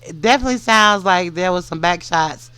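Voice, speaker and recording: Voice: medium pitch, brisk, bright, forceful tone, clear, resonant tone, dry recording. A podcast host reading a book aloud, stumbling over words and adding comments.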